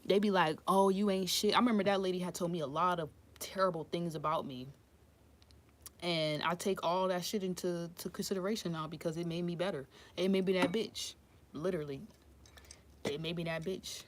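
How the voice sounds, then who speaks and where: A woman gives a casual live-stream tarot reading. She talks bluntly, swears freely and laughs often. Her voice sits slightly low. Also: steady tone, a little fast. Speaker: tarot reader.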